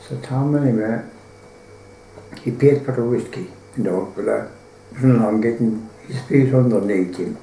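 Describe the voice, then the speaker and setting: A man's voice: mid-range voice, unhurried, vocal fry, mellow, roomy sound, slight background noise, poor audio. An Irish man telling a folk tale in a rambling, colloquial way, full of swearing. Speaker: storyteller.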